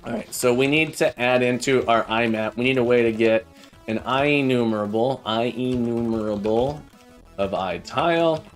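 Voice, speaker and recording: A man streaming live code, thinking aloud in a halting way with many fillers and restarts, and chatting in a friendly way with his viewers. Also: mid-range voice, soft background music.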